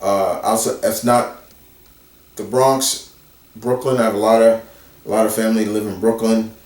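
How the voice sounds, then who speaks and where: A man's voice: on the low side, little pitch movement, normal speed, darkish tone. A man, a YouTuber casually answering viewer questions in a rambling, conversational way, talking straight to his audience. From New York area. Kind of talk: casual Q&A vlog. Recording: roomy echo, distant from the mic.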